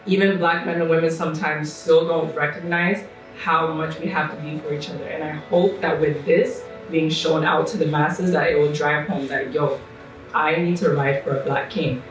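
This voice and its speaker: A woman's voice: sits low, fairly even intonation, moderate pace. A woman speaking with passion and urgency as a guest in a casual group chat. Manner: impassioned, urgent. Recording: echoey room from a distant mic, faint music.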